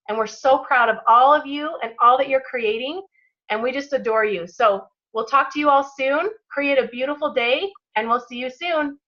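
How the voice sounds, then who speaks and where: A woman's voice: a little high, muffled recording. A woman leading a motivational team call, encouraging and emphatic, guiding listeners through breathing. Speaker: team leader hosting a call.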